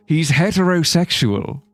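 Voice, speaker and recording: A Singapore-born streamer with a British accent chats playfully with viewers while gaming on a livestream, joking, musing aloud, and slipping into mock accents. His voice is on the high side with lively intonation and a slow pace, with no room sound and faint music behind.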